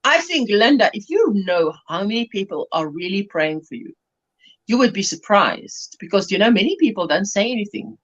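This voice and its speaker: A woman's voice: medium pitch, big pitch swings, moderate pace. A South African woman hosting a crochet livestream, chatting casually and laughing often as she reads viewer comments aloud. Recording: lo-fi livestream audio.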